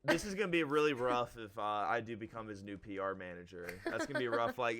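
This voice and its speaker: A young man co-hosting a podcast, talking in a measured, advice-giving way with lots of "like" fillers. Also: medium pitch, expressive, crowd noise. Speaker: podcast co-host. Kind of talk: casual podcast chat.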